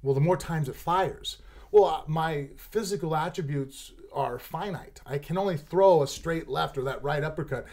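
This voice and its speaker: A middle-aged man chatting casually as a podcast guest, animated, swearing freely and laughing often. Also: on the high side, moderate pace. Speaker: guest fighter.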